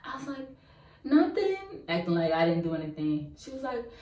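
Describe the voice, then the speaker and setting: A young woman vlogger telling a personal story to her viewers in a casual, slangy, animated way. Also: fairly low pitch, fast. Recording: roomy echo, mic at a distance.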